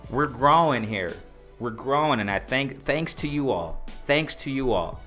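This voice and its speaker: A man hosting a casual boxing livestream, reading chat aloud and repeating himself with excitement. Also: mid-range voice, a little slow, soft background music. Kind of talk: casual live-stream commentary.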